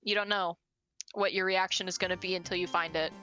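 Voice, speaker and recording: A young adult woman telling animated stories and laughing often while chatting casually on a group stream. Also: lowish voice, a little fast, soft background music. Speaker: streamer shiny hunting.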